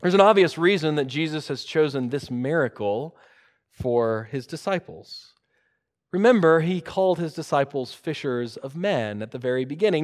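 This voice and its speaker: A man preaching a sermon, moving between loud emphatic lines and quiet, hushed ones. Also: a little high, lively intonation, moderate pace.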